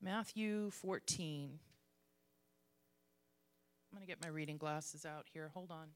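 A woman's voice: low voice, slow pace, smooth. A woman preaching a conversational, self-mocking sermon in church and reading scripture aloud. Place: church sanctuary.

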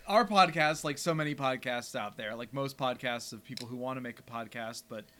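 A young man co-hosting a podcast in casual banter, rambling wryly, laughing often and trailing off into lower mutters. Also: a little fast, fairly bright tone, slight background noise. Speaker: podcast co-host.

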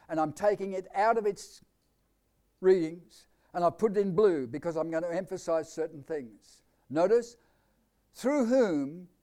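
A high-pitched man with an Australian accent preaches a live sermon, firing questions at the congregation while shifting between loud proclamations and hushed asides.

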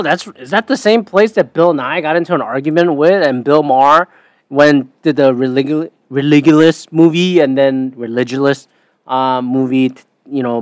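A man's voice: a little high, fairly bright tone, no room sound. A man hosting a podcast, rambling through a sarcastic, profanity-laced casual monologue. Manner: rambling, sarcastic, swears a lot. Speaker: podcast host.

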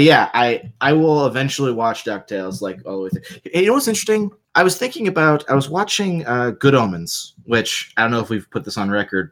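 A man co-hosting a casual pop-culture podcast, his voice sitting on the lower side. He talks in eager bursts, restarting sentences and piling on caveats. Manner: animated, stammering restarts, fond of caveats. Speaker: podcast co-host. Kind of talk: casual chat.

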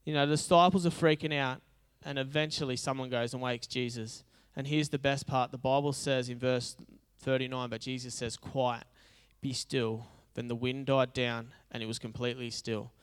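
A man's voice: mid-range voice, little pitch movement, fairly quick, hardly any pauses, smooth. A male pastor preaching a conversational, humorous sermon that builds into emphatic repetition.

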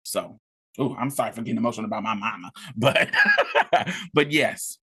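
A man's voice: on the low side, brisk, creaky, sharp tone, slightly rough. A man from rural Mississippi, telling a personal story in an intense, profane, emotional way. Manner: intense, profane, tearful at times. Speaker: podcast co-host.

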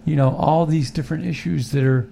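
Brief: a male host with a somewhat high, gravelly voice, rambling and opinionated. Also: fairly even intonation, brisk, dark tone, a little hiss or hum. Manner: rambling, opinionated, many restarts. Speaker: podcast host. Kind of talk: casual political talk.

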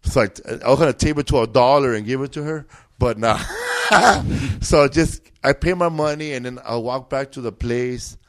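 A man's voice: mid-range voice, moderate pace. A man, a comedian guest, telling a rambling, profane story with bursts of laughter in a casual chat.

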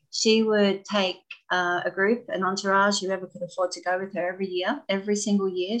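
Lively storytelling woman, lowish voice. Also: poor audio. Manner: animated, laughing, expressive storyteller. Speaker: guest, former ballet dancer. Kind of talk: storytelling in a casual interview.

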